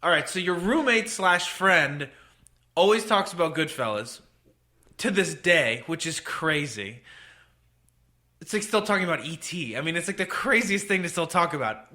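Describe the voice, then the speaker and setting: A man in his thirties telling a comedic story on a podcast, animated, incredulous and profane. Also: fairly high pitch, unhurried. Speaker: podcast co-host.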